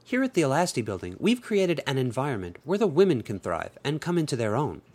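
A man's voice: medium pitch, wildly swooping pitch, fairly quick, darkish tone. A man voicing a flirty, confident woman guide in an adult audiobook, speaking in a teasing, coaxing way. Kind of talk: erotic audiobook role reading.

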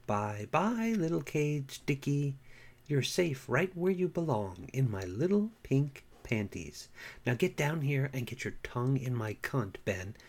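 Man voicing a husky, bossy dominant woman. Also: mid-range voice, big pitch swings. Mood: teasing. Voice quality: husky, breathy. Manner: commanding, teasing, slow.

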